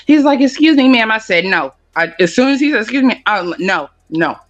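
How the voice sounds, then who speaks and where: Woman, casual chat, animated storyteller, profane, slightly muffled sound. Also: medium pitch, no echo.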